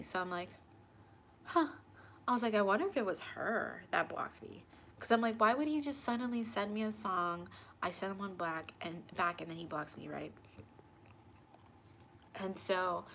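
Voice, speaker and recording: A woman's voice: lowish voice, pushed and bright, slight background noise. A young woman hosting her tarot channel, casually telling a personal story to camera and acting out both sides of the conversations.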